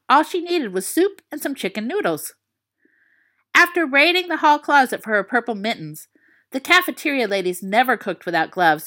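A woman reading a story aloud in a playful, expressive way. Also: on the high side. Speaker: narrator. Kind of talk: storybook fan-fiction reading.

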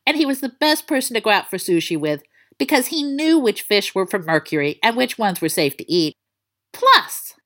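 Bright, lively woman narrator. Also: mid-range voice. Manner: playful, expressive. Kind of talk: storybook fan-fiction reading.

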